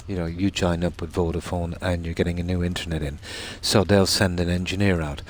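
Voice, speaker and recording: A man's voice: low voice, level tone, brisk. A man streaming a game, chatting casually and telling long rambling stories. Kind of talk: casual chat while gaming.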